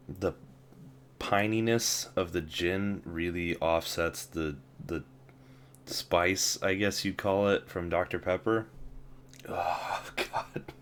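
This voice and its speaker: A man's voice: deep voice, slight background noise. A young man hosting a casual vlog, wry and self-deprecating, often laughing at himself. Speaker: vlogger.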